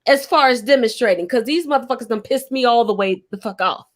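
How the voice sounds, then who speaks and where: A woman's voice: a little high, fast. A woman with a Caribbean accent hosting a panel, ranting with theatrical, profane, cutting insults. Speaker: panel host. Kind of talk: heated podcast rant.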